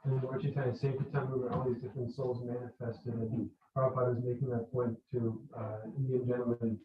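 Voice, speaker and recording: A man's voice: medium pitch, level tone, quick pace, dull audio. A man in the audience of a temple class offering an earnest comment, recorded from a distance. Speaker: class participant. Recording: distant in echoey room with noise.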